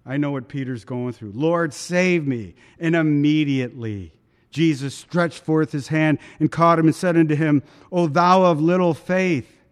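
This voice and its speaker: A man preaching a conversational sermon, acting out quoted voices as he reads and comments on scripture. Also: fairly high pitch. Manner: conversational, dramatic quoting of voices.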